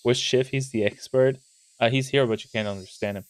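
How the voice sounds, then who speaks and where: A man's voice: mid-range voice, fairly even intonation, a little fast. A man streaming live, chatting and rambling while reading a visual novel aloud. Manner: rambling, self-interrupting.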